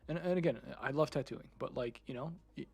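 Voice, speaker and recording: A man's voice: medium pitch, fairly quick, a little mellow, slightly rough. A man streamer in casual live chat, rambling freely, laughing often and swearing. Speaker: streamer and 3D content creator.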